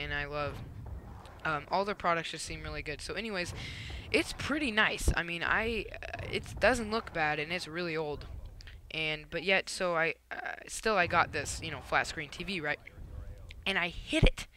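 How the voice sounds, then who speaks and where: A young man with a fairly high voice rants over his gameplay, rambling and animated, full of fillers and restarts. There is a steady layer of noise behind him on the recording. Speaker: gameplay commentator. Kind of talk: casual gameplay commentary rant.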